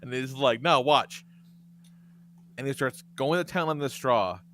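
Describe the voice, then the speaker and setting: A man hosting a podcast, telling profane, animated stories in casual chat and laughing often. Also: medium pitch, brisk, slight background noise. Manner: profane, animated storyteller who laughs a lot. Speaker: podcast host.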